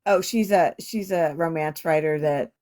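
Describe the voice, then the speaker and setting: Middle-aged woman, chatty, lowish voice, restarts a lot, casual livestream chat. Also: normal speed, a little mellow. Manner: chatty, trailing restarts and filler words.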